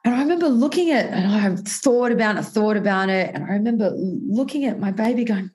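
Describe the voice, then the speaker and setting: A woman's voice: mid-range voice, expressive, fairly quick, hardly any pauses, a little mellow. Candid woman guest telling her story. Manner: earnest, many restarts and self-corrections. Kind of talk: personal storytelling in conversation.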